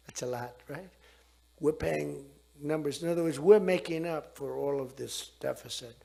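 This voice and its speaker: A man's voice: a little high, fairly even intonation, moderate pace, vocal fry, darkish tone, breathy edge. A man in his seventies giving a rambling speech, digressing and repeating himself.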